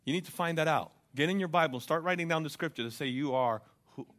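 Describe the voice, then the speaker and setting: A young man preaching a fervent sermon, asking the congregation for responses and building to loud passages. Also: a little high, quick pace. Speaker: pastor.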